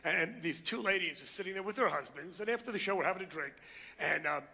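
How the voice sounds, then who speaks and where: On a club stage before a live crowd, a middle-aged male comedian delivers a brash routine full of ranting and crowd insults. He speaks quickly in a high-pitched, animated voice with vocal fry, brightness, and force, and the room sounds like a large hall.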